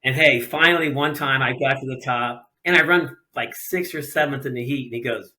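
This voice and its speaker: A man's voice: medium pitch, a little fast, few pauses. A middle-aged man from Ohio, a racer guesting on a podcast, telling stories casually and acting out the voices of people he quotes. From Ohio, USA. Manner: animated, acts out quoted voices. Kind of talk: casual storytelling.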